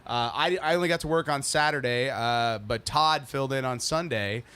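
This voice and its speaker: A man's voice: mid-range voice, moderate pace, sharp tone, clear, resonant tone. Easygoing man bantering on a podcast. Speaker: podcast co-host. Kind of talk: casual chat.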